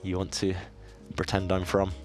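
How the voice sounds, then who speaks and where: Deep-voiced man, thinking aloud. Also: monotone, moderate pace, faint music behind. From southeast England. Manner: thinks aloud, self-deprecating, chatty with viewers. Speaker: chess player and streamer. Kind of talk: casual live-stream commentary while playing.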